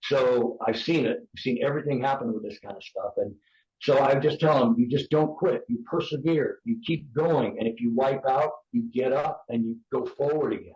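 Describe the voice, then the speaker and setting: Man from the United States, 50s, earnest pleading testimony, middle pitch, echoey muffled podcast audio. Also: moderate pace, a little mellow. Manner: earnest and pleading, with frequent restarts. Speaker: podcast guest. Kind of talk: emotional personal testimony. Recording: roomy, dull podcast audio.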